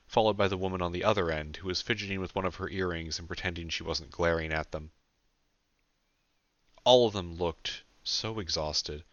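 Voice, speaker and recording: A man, the author, narrating his own audiobook in a plain, steady manner. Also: low voice, no echo, lo-fi sound.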